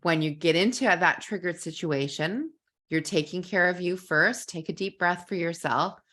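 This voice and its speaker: A middle-aged woman coaching parents in a relaxed, talky masterclass. Her voice sits a little low, and she keeps dropping "like" as she talks. Every so often she jumps up into playful acted-out quotes. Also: normal speed. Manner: chatty, many "like" fillers, acts out quoted lines. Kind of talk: live masterclass teaching.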